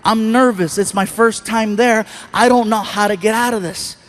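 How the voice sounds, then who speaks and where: A middle-aged man telling a story on stage as a stand-up comedian, animated, acting out characters and laughing at his own jokes. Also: high-pitched, normal speed. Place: stage in a theater. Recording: live show, faint crowd behind.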